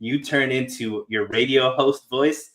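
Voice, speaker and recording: A man's voice: medium pitch, measured pace, fairly bright tone. A man co-hosting a sports podcast over a video call, talking loosely and rambling with plenty of fillers. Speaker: podcast co-host. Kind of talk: casual sports chat.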